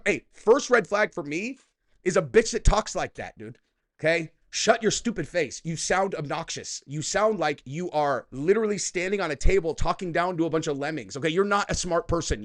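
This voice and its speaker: Sarcastic ranting male commentary host. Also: a little high. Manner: sarcastic, mocking, loud outbursts.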